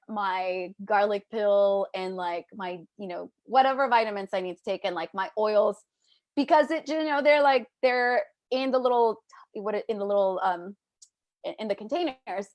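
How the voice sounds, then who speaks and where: An energetic woman coaching her group live, playful and quick to act out little voices. Her voice sits high, and the close mic keeps it dry with no room sound. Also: dry recording. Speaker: business coach.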